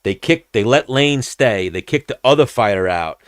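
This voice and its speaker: A man's voice: mid-range voice, animated, moderate pace, dry recording, clean studio sound. A young man hosting a podcast, telling a long, profane story in casual chat and acting out the people in it. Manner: rambling, profane, acts out quoted voices. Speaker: podcast host.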